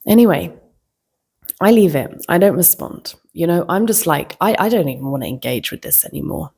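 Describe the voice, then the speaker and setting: A woman vlogger telling a personal story in a reflective, casual way, slipping into soft whispers. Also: on the low side, animated, moderate pace, creaky, slightly rough.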